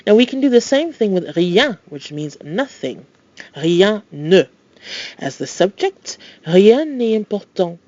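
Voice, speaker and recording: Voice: medium pitch, big pitch swings, unhurried, darkish tone, no room sound, lo-fi sound. A language tutor giving a recorded lesson, explaining patiently with playful asides and reading French example phrases.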